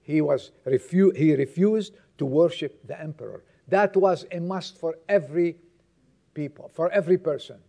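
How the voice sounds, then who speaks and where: A man preaching a sermon as pastor, telling stories dramatically and moving between loud exhortation and hushed tones. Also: a little high, moderate pace, creaky.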